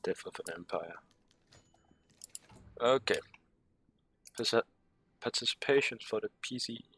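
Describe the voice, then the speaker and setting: Husky-voiced man muttering through gameplay. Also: on the low side, fairly quick, sharp tone. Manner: muttering, sarcastic asides, swearing. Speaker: gameplay commentator. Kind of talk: casual gameplay commentary, reading on-screen text aloud.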